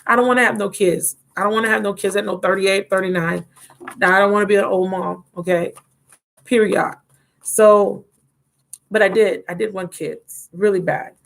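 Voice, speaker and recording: A woman's voice: mid-range voice, fairly even intonation, normal speed, creaky. A woman in her thirties hosting a casual live-stream chat from home, rambling and talking straight to her viewers. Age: 30s. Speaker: tarot reader and channel host.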